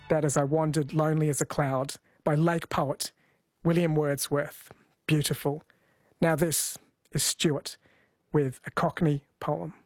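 A man's voice: fairly high pitch, little pitch movement, a little slow, darkish tone. A man hosting a music segment, explaining history in an enthusiastic way. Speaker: host. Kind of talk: presenting a music show segment.

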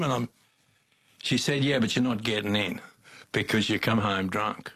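A man's voice: mid-range voice, flat delivery, unhurried, pauses often, fairly bright tone. An older man with an Australian accent, telling folksy stories as an interview guest, with frequent chuckles. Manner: folksy yarn-spinning, chuckles often. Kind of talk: casual storytelling.

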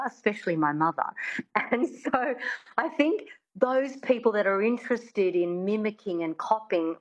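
Brief: woman dialect coach, middle-aged, articulate and explanatory, lowish voice, dull lo-fi recording. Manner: articulate, explanatory, breaks into laughter. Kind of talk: interview answers and accent teaching. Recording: dull lo-fi sound.

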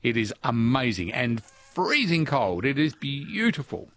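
A man runs a casual radio quiz, his voice rising and falling with animated swings. He chats and teases his callers in an easy way. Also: mid-range voice, measured pace. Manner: chatty, teasing, lively. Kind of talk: casual call-in quiz chat.

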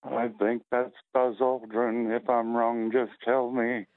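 A man's voice: medium pitch, little pitch movement, takes it slowly, no room sound, narrow, tinny audio. A man calling in to a radio quiz, hesitant and self-deprecating, laughing along. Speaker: caller. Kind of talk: talkback phone call.

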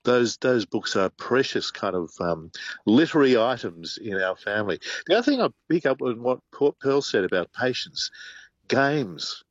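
A man's voice: mid-range voice, expressive, normal speed, no echo, highs cut off. An older man, co-hosting a radio talk show with reflective, hesitant remarks. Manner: reflective, hesitant, lots of ums. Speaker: radio co-host.

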